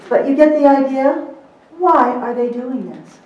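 A middle-aged woman lectures a seminar audience, pitched a bit high and full of emphatic, teasing asides. She is miked from a distance. The room rings with a roomy echo. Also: a little slow, dark tone, muffled recording. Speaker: seminar presenter for court reporters.

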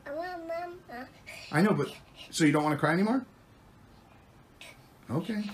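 A man's voice: sits high, huge pitch swings, measured pace. A father playing a turn-taking game with his small children, coaxing and bossy in a playful way. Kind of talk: playful home video talk. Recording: noisy home video with children nearby. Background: children crying and shouting.

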